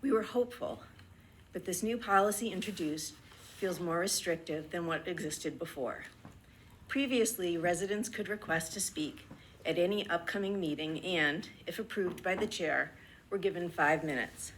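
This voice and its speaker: A woman reading a prepared public comment at a town board meeting, earnest and measured, a little out of breath. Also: on the low side, slight background noise. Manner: earnest, measured, deliberate pauses between list items. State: slightly out of breath. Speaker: resident speaking at public comment.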